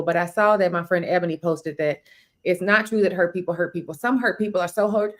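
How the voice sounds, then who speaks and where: A woman co-hosting a casual talk on a video call, listening closely and murmuring agreement. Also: fairly low pitch. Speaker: co-host. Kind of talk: casual conversation.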